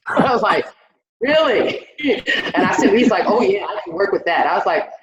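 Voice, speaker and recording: A woman's voice: medium pitch, quick pace, a little hiss or hum. A woman stand-up comedian, telling a profane story and acting out the quotes herself. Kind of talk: stand-up comedy set over video call. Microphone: video call. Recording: roomy, dull video call audio.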